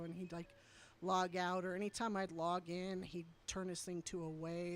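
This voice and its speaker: A woman variety streamer telling a story to her chat in a blunt, heated way, swearing freely. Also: mid-range voice.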